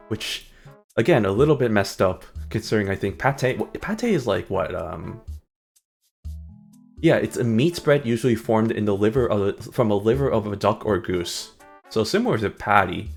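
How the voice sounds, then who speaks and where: Low gravelly-voiced male streamer. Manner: rambling and jokey, with frequent ums. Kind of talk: casual live-stream chat.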